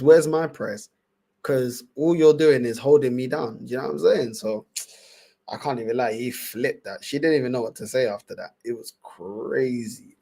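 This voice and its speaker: A man's voice: medium pitch, creaky, a little mellow, breathy edge. A young man with a London accent hosting a casual livestream, reacting with laughter and repeated slang-heavy banter. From England. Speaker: livestream host.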